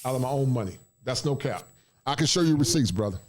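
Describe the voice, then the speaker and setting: A man's voice: medium pitch, animated, fast, darkish tone. A man hosting his own channel's livestream, laid-back and casual, often tagging lines with "man". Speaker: YouTube channel host.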